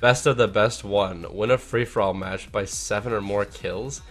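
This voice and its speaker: A man giving live, profane gameplay commentary, mostly laid-back and mumbling, bursting into shouts at big plays. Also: lowish voice, fairly even intonation, moderate pace, soft background music. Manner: profane, swears constantly. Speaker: gaming channel host.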